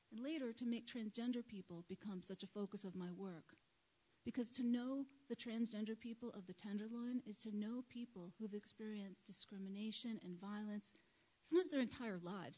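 A woman giving a prepared public talk to a live audience, speaking in a measured, earnest way into a microphone. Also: medium pitch, mellow, low-quality recording. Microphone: microphone at a lectern.

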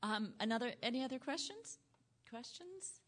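A woman's voice: low voice, normal speed, fairly bright tone. A woman hosting a live onstage interview with an audience, chatty and laughing, with many ums. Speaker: event host and interviewer.

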